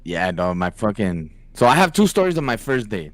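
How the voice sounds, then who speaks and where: A man's voice: fairly low pitch, big pitch swings, brisk, dry recording. A young man co-hosting a podcast, telling a story in casual chat, slangy and profane. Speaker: podcast co-host.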